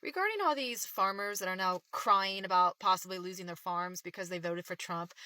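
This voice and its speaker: A woman's voice: mid-range voice, pushed and bright, no echo. A middle-aged woman from Oklahoma, a builder, ranting bluntly with profanity about politics. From Oklahoma, United States. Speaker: builder sharing opinions. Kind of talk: casual opinion rant to camera.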